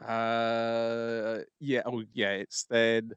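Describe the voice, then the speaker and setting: A man's voice: medium pitch, completely flat delivery, very slow, clean tone, dry recording, highs cut off. A man hosting a podcast, talking casually and hesitantly with many ums. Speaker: podcast host. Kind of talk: casual chat.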